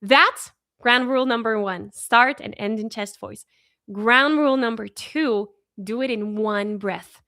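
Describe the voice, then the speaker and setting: A woman leading a live-streamed singing warm-up as a vocal coach, encouraging and upbeat, praising her viewers often. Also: on the high side, measured pace, no echo, studio quality. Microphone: in front of her own camera.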